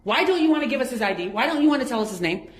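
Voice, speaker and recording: A woman's voice: on the high side, expressive, rapid-fire, roomy sound. A woman insistently and indignantly demanding an officer's name. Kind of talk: heated argument at a police counter.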